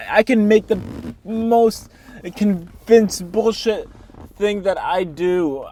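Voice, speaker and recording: A young man with a fairly high voice talks to himself in a self-made video diary. He is a day trader, and he berates himself in the second person about his lack of discipline, swearing often. His tone stays frustrated and self-critical throughout. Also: darkish tone, a little hiss or hum. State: hungry.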